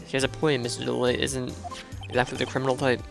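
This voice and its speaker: Man, gravelly voice, reading game text aloud, casual, game music behind. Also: medium pitch, little pitch movement, quick pace. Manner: reads dialogue aloud, casual asides. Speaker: streamer reading game dialogue. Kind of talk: live game playthrough reading.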